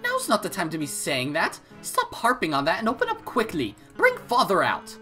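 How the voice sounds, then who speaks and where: 男性が演じる必死に叫ぶ中年女性. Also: male voice, high-pitched, huge pitch swings, moderate pace, faint music behind, voice pushed up, full character voice. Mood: demanding. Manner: loud, insistent shouting. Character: frantic middle-aged woman banging, demanding entry.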